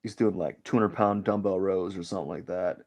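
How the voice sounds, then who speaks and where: A man's voice: low voice, fairly even intonation, a little fast, darkish tone. A man hosting a live drawing stream, giving casual commentary as he works and thinking aloud in a rambling way, with lots of fillers.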